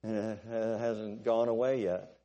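An older man preaching a sermon to a congregation, swinging from loud exhortation to quiet, musing asides and asking for amens. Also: lowish voice, level tone, a little slow, lo-fi sound.

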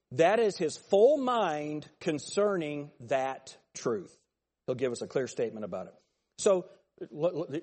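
Man, slightly high voice, casual Bible class teacher, long hall reverb. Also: a little mellow. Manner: conversational, addresses students by name, jokes.

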